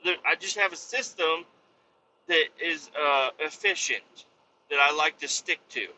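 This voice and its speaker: A podcast host in his thirties tells stories in a casual monologue that's rambling and profane, full of restarts and fillers. His voice is a little high, pushed and bright, and unhurried, on a rough recording with slight background noise.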